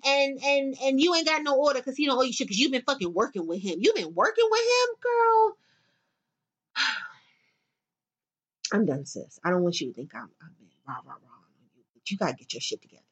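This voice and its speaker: A middle-aged woman hosting a show, delivering a blunt, profane, animated rant in casual monologue. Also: high voice, normal speed, long pauses. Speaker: podcast host.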